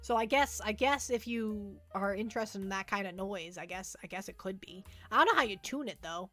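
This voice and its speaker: A woman hosts a livestream, rambling casually through viewer questions, repeating herself often and making jokes at her own expense. Her medium-pitched voice is a bit bright and a little fast, with faint music behind.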